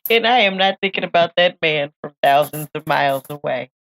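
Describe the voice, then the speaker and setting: A woman's voice: sits low, animated, a little slow, pauses often, a bit bright. A woman co-hosting a casual chat, telling a story and laughing often as she acts out quotes. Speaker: podcast host.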